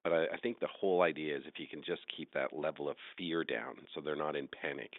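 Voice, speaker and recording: A man's voice: very deep voice, steady tone, fast, dry recording. A middle-aged man, a real estate agent hosting an interview and coaching other agents in an earnest, encouraging way over a phone call. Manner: earnest, encouraging, advice-giving. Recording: tinny phone-line audio.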